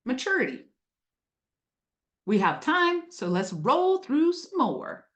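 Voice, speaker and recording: A woman's voice: high voice, sing-song, slow. Chatty, playful woman in a roomy space. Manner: chatty, playful, acts out little voices. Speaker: astrology teacher. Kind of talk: casual teaching talk. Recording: roomy echo.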